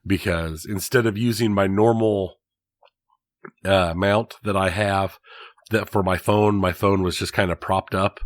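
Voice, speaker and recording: Low-voiced wry man on a dry mic. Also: fairly even intonation, measured pace, dry recording. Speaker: podcast co-host. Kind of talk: casual chat.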